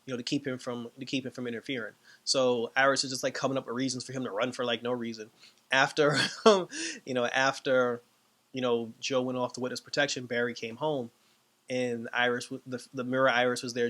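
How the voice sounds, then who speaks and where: A man casually recapping and reviewing a TV episode, talking in a rambling, animated way with many fillers and laughs. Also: mid-range voice. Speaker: TV show reviewer.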